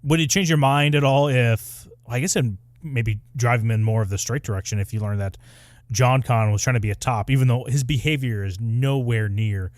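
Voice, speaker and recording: A man co-hosts a casual podcast chat, ranking characters in a rambling, hesitant way with a playful edge. His voice is mid-range at a moderate pace, and the studio sound is clean with no echo.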